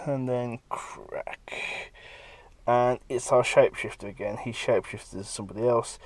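A comic artist talking casually through pages he has drawn, lively, now and then slipping into quick character voices. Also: mid-range voice, no room sound. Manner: lively, breaks into brief character voices while retelling scenes. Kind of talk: casual walkthrough of his own work.

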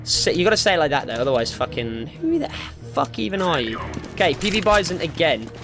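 A young man commentating his own gameplay, excitable and sweary, often yelping into squeaky high notes. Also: fairly quick. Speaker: gaming YouTuber. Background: game music and gunfire.

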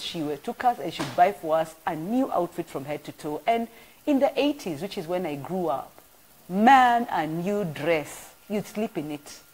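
Woman, Kenyan accent, middle-aged, pastor, animated sermon, husky, low-pitched. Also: rough recording. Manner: animated storytelling preacher, swings loud and soft. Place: church broadcast.

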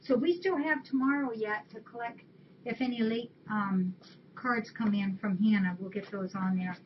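Her voice is mid-pitched and fairly even, moving at a moderate pace as she casually reads holiday cards on a shelter webcam stream and thanks viewers individually. The recording is dull and lo-fi, with faint background noise.

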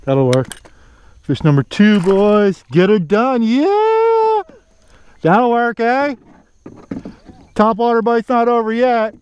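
A man filming himself bass fishing from a boat outdoors, cheering on every catch with casual commentary. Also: takes it slowly, pauses often, smooth, lo-fi sound. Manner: excited, cheers on fish with stock phrases. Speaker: fishing vlogger.

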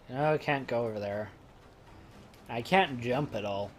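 A man giving jokey gameplay commentary, swinging from loud excited outbursts to quiet muttering. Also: medium pitch, unhurried, faint music behind. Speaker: let's play gamer.

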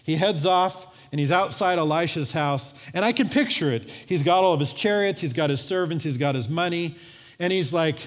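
Pastor preaching in a reverberant church. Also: male voice, a little high, moderate pace. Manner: lively storytelling with acted-out voices. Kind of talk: sermon. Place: church sanctuary. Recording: long church hall reverb.

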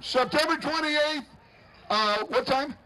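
A middle-aged man announcing a street parade outdoors, joking with the crowd and shouting cheers. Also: very high-pitched, slow. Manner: jokey, upbeat emcee, often shouting cheers. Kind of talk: live event announcing. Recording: noisy outdoor parade recording.

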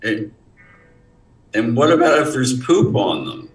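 A man's voice: medium pitch, big pitch swings, unhurried. A man in a live class asks curious, casual questions. His voice is far from the microphone. An echoey room surrounds him. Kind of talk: casual chat. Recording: distant and roomy.

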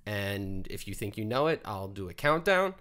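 A man's voice: on the low side, sing-song, moderate pace, fairly bright tone. A young man co-hosting a podcast, running a quiz segment in casual, rambling chat with frequent restarts. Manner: rambling, restarts, laughs often.

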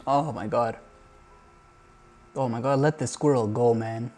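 A man's voice: mid-range voice, fairly even intonation, unhurried, darkish tone. A man vlogging as he goes through videos on a computer, talking nervously with frequent gasps and exclamations. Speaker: YouTuber. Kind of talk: reacting to found footage on camera. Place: indoors at a computer.

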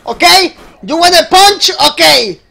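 A Mexican-accented man streaming a game, his voice pitched high and ringing bright. He talks excitably, protesting loudly and repeating lines over and over. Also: a little slow, vocal fry. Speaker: gaming streamer. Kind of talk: casual gameplay commentary.

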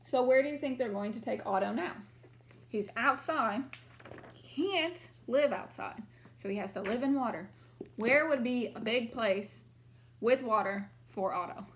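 A woman's voice: fairly high pitch, a little slow. A woman teacher reading a picture book aloud to children and asking them questions in an encouraging way.

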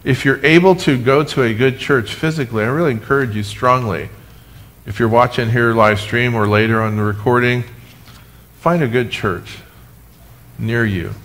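A man preaching a sermon as pastor, animated, with humorous asides, speaking to his congregation and online viewers. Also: medium pitch, moderate pace. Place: church sanctuary, recorded for live stream.

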